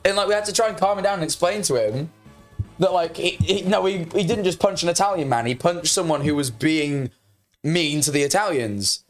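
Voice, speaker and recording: A young man chatting casually as a podcast co-host, telling stories animatedly and getting loud. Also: a little high, lively intonation, fairly quick, faint music behind. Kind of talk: casual storytelling chat. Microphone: streaming microphone.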